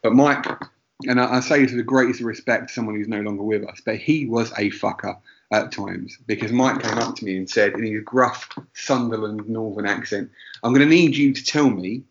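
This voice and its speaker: A man's voice: fairly low pitch, fairly even intonation, brisk, a bit bright, lo-fi sound, slight background noise. Sweary man telling a rambling story. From England, Essex. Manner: rambling, sweary, self-interrupting. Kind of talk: casual comedic storytelling.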